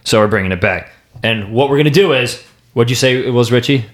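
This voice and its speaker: A man's voice: medium pitch, fairly quick. Laid-back young man co-hosting. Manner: animated, quotes movie lines in put-on voices. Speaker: podcast co-host. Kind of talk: casual chat.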